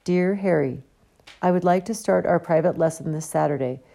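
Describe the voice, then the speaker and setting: A woman's voice: lowish voice, moderate pace, creaky, dark tone. A woman reading out the courteous, formal letter of a kindly elderly male headmaster in an audiobook.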